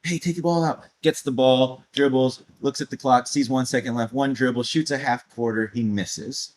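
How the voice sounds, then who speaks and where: A coach appearing as a guest tells a personal story in conversation, speaking at a moderate pace with a medium-pitched voice. He's animated, acting out moments as he goes and laughing often.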